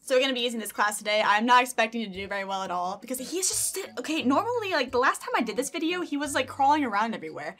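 A woman's voice: fairly high pitch, very animated, racing, hardly any pauses, a bit bright. A young woman chatting and giggling through a video game, talking sweetly to her pet snake. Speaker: gaming YouTuber. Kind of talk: casual gameplay commentary.

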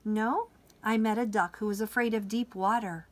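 A man reading aloud as a timid little boy turtle from a children's storybook, sweetly polite and earnest. The voice sits fairly high, with a gentle, careful read-aloud manner. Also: fairly even intonation, moderate pace, natural voice.

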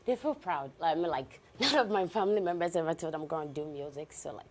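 A young woman rapper from Ghana with a Ghanaian English accent, answering interview questions softly and briefly, slipping into pidgin. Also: low voice, expressive, fast talker. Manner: soft-spoken, brief answers mixed with pidgin. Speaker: rapper and guest.

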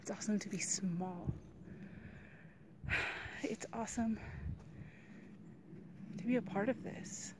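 Solo hiker, mid-pitched woman, winded, earnest, hushed at times, noisy outdoor phone audio. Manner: slow, heartfelt, often drops to a hushed whisper. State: out of breath. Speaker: hiker vlogging alone. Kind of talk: reflective outdoor vlog. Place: mountain trail outdoors.

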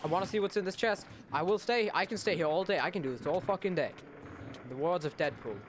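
Swearing teen man gaming, loud and mumbled. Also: high-pitched, fast talker, slight background noise. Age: late teens. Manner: swears a lot, swings from loud outbursts to mumbled asides. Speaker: gaming YouTuber. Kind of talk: gameplay commentary.

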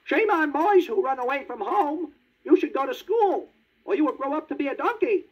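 A man voicing a small, preachy male talking cricket that scolds in a high piping voice, from an old children's storybook record. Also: sing-song, moderate pace. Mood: scolding. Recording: tinny old vinyl record.

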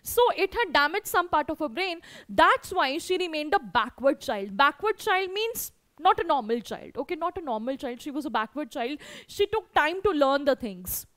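High-voiced Indian English woman teaching. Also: animated, moderate pace, fairly bright tone, dry recording, clean studio sound. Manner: repeats points, many fillers like "you know". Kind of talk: explaining a story to students.

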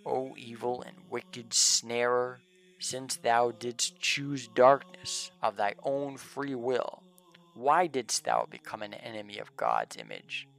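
A man's voice: medium pitch, lively intonation, slow, vocal fry, fairly bright tone, exaggerated voice. A man voicing a fearless male martyr saint, reading his commands in solemn archaic English. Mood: commanding.

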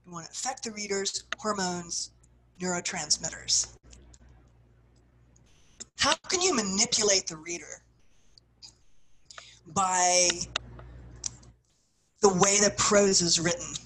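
A woman of middle pitch leads a writing workshop, talking her listeners through exercises and acting out what she describes. Her phrases swell and then trail off softly, and a faint hiss with light clicks sits under the recording. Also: slow pace, long pauses, poor audio. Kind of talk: guided workshop instruction.

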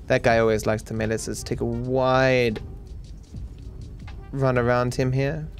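A man's voice: mid-range voice, little pitch movement, measured pace, creaky, faint music behind. An Australian man giving live video game commentary, talking anxiously and stammering with repeated words. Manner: anxious, stammering, swings into panicked outbursts.

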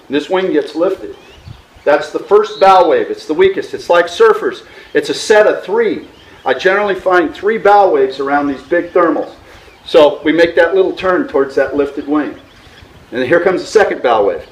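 A middle-aged man teaches thermal flying outdoors in an animated, hands-on way, often imitating the beeping of his instrument. His voice sits a little high for a man. The recording is echoey, with faint outdoor noise underneath. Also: normal speed. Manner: animated, imitates vario beeps with rising pitch. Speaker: hang gliding instructor. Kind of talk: outdoor flying lesson talk. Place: outdoors at a mountain flying site.

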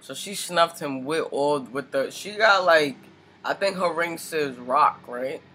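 A man's voice: fairly high pitch, measured pace, bright, forceful tone, slight background noise. A man hosting a reaction video, giving casual slangy commentary. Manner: slangy, says bro a lot. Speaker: reaction channel host.

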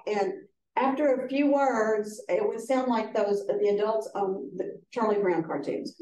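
A woman's voice: mid-range voice, normal speed, warm tone. An older woman, teaching a casual workshop for foster care advocates in a folksy way that acts out quotes in different voices. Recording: echoey room, voice from a distance.

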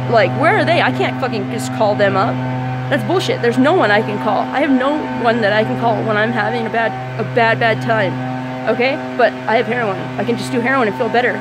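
Rambling woman talking bluntly outdoors. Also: on the high side. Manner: rambling and blunt, with frequent fillers and swearing. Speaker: video diarist. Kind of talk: candid video diary.

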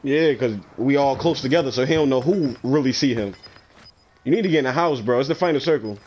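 A man's voice: mid-range voice, brisk, darkish tone. Gamer, male, bossy repeated callouts, faint hiss. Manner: bossy, repeats short commands. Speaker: gamer coaching a teammate. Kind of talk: casual gaming chat.

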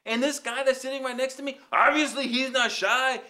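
A man voicing a loud, brash Mexican taco-shop character with a Mexican accent, ranting through a rambling comic monologue. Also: very high-pitched, steady tone, brisk. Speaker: comedy character host.

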